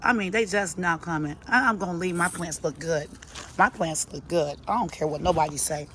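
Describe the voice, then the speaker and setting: A middle-aged woman, a gardening vlogger, strolls through her outdoor garden filming on her phone, chatting sassily to her plants and her viewers. Her voice sits on the low side and sounds brisk and fairly bright, with a little hiss or hum in the background. It's a casual garden tour, and she talks to herself and her plants as she goes.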